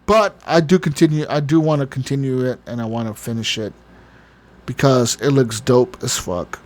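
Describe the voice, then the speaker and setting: A podcast co-host tells a long story in casual conversation, rambling, swearing, and often laughing. His voice is medium-pitched and he talks at a normal speed.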